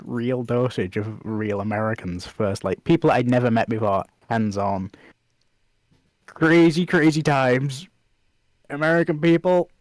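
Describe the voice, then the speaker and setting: A man's voice: mid-range voice, no room sound. A young man with an English accent, a podcast guest telling stories in a laid-back, laughing way. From England. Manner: laid-back storyteller, laughs often, lots of "like". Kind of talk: casual chat.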